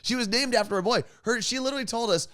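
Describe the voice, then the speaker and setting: A man's voice: very high voice, racing, a bit bright, smooth, no echo, clean studio sound. Laid-back man co-hosting a live chat. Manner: teasing, reads chat comments, laughs often. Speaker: co-host. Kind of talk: casual chat.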